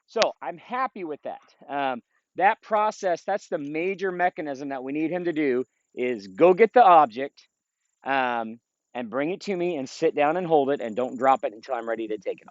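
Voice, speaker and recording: A man's voice: fairly high pitch, lively intonation, normal speed, highs cut off. Man explaining dog training outdoors. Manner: explains plainly, then calls short upbeat commands to the dog. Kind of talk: outdoor training video with commentary. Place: outdoors in a field.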